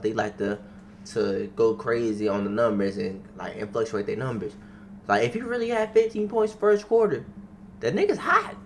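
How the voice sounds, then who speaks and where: A young man in his twenties hosting a reaction video, animated, slangy and swearing freely. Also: mid-range voice, a little hiss or hum. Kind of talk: casual reaction commentary.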